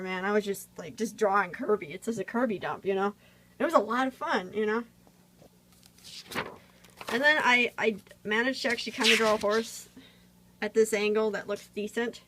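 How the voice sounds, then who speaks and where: A woman's voice: medium pitch, low-quality recording. Chatty woman rambling while drawing. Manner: rambling, chatty, many fillers. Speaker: vlogger drawing on camera. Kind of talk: casual drawing tutorial chat. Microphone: phone camera.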